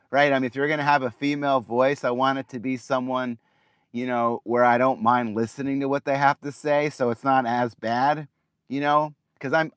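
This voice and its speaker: A man's voice: medium pitch, a bit bright, clear, resonant tone, dry recording, clean studio sound. A middle-aged man ranting casually about automated phone lines, rambling, restarting and asking "right?" after nearly every point. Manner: rambling, repeats words, says "right?" often. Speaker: vlogger.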